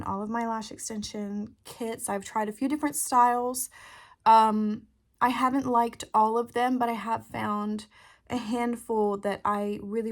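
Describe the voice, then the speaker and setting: A woman with a somewhat high voice talks casually to her camera as a beauty vlogger. She is relaxed and chatty, with frequent ums, recorded indoors by a window. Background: fan running.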